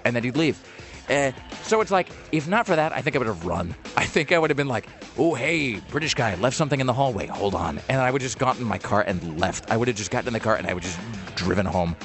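A man's voice: medium pitch, animated, quick pace, a bit bright, soft background music. A man casually telling a long story on a podcast, rambling with lots of fillers and restarts.

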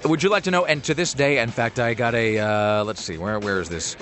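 A fast-talking man hosting a radio show, wry and rambling, full of ums and asides. Faint music sits under his voice. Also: medium pitch, a bit bright. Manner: rambling, wry, many fillers. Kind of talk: casual radio banter.

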